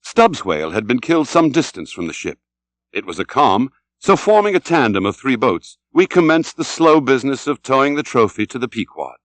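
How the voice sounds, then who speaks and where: Male narrator, mid pitch, animated dramatic reading, dry studio recording. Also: normal speed, dry recording. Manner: dramatic, shouts out the sailors' cries. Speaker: audiobook narrator. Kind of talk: scripted narration.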